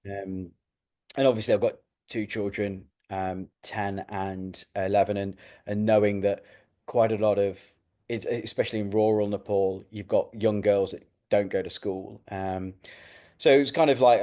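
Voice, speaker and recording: A middle-aged man with an English accent, talking as a guest in a casual interview, relaxed and reflective, with many "um"s and restarts. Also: on the low side, moderate pace. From United Kingdom.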